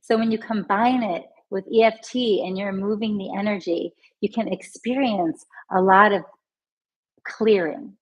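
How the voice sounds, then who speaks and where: A woman teaching a live online healing lesson. She talks straight to her viewers, answers their comments, and repeats soothing healing phrases slowly and gently. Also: mid-range voice, steady tone, husky, rough recording. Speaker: emotional healing coach.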